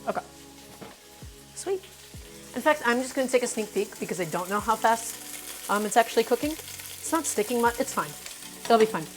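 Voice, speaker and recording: A woman's voice: a little high, lively intonation, moderate pace, pauses often. Chatty woman cooking on a live stream. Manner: chatty, narrates each step and greets viewers. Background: faint music and sizzling pan.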